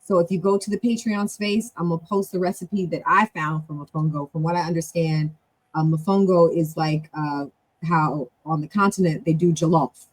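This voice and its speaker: A middle-aged woman with a husky voice hosts a relaxed live stream as show host and club leader, talking fast and chatty. Her voice leaps high and loud when excited, then eases back into conversation. She often restarts and corrects her sentences.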